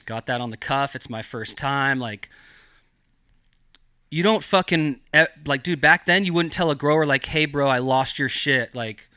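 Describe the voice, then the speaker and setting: A man tells a story in loose, profane podcast talk, leaning hard on "like" and "dude." His voice is bright and forceful. The sound is dry and close. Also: on the high side, normal speed, clear, resonant tone, dry recording. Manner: profane, animated, heavy filler "like". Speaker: podcast guest. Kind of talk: casual storytelling.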